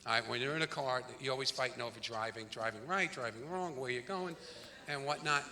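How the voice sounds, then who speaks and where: A man doing a brash, rapid-fire stand-up comedy routine on a theater stage. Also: medium pitch, bright, forceful tone. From New York, the Bronx. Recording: live theater reverb, faint room noise.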